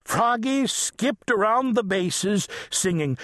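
A man reads a children's storybook aloud, slowly and with lots of playful rise and fall in his voice. The studio sound is dry and close, with no room around him. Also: high-pitched, no room sound. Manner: animated, playful read-aloud. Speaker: audiobook narrator.

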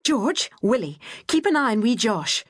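A woman's voice: mid-range voice, sing-song, moderate pace, slightly rough, no room sound, clean studio sound. A woman narrator voicing an anxious working mother who fires off urgent questions.

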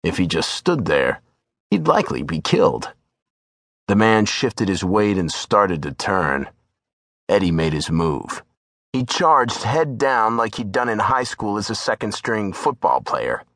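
A man's voice: on the low side, very animated, measured pace, a bit bright, no room sound, clean studio sound. Dramatic male thriller narrator. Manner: tense, dramatic storytelling. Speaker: audiobook narrator. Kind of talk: scripted narration.

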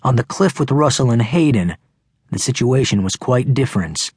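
A man reading a teen novel aloud in steady, measured narration. His mid-pitched voice is husky and a little breathy. It is recorded close in a dead booth with no room sound. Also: no echo. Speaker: audiobook narrator. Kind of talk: scripted narration. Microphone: close studio mic.

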